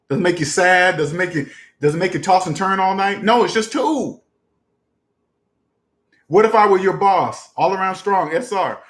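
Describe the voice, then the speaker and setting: A man's voice: fairly high pitch, reverberant. A man hosting a personal finance talk, speaking emphatically, repeating catchphrases and firing off rhetorical questions. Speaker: personal finance channel host. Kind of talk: casual direct-to-camera talk.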